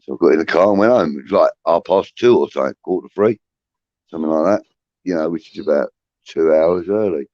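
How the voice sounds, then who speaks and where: A man's voice: sits low, fast, a little mellow, no room sound, muffled recording. A man hosting a casual livestream, rambling with many restarts and swearing, reading out chat comments. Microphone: phone.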